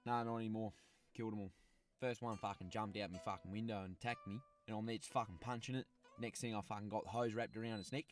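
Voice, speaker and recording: A man's voice: on the low side, steady tone, quick pace, soft background music, natural voice. A man voicing a boastful Australian guy in a cartoon, telling a fight story with heavy swearing. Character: boastful Australian bloke telling war stories.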